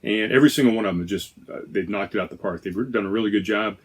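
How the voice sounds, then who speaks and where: A man's voice: lowish voice, fast, husky. A man hosting a podcast in casual chat, rambling and correcting himself as he talks from inside a trailer. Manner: rambling, self-correcting, chatty. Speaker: podcast host. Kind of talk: casual beer-tasting chat.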